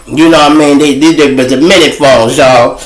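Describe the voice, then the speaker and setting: A man telling casual, profane street stories as host, animated and swearing freely. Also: fairly quick, roomy sound, poor audio. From Chicago. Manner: animated, profane, jumps to high voices for quoted people. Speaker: storyteller host.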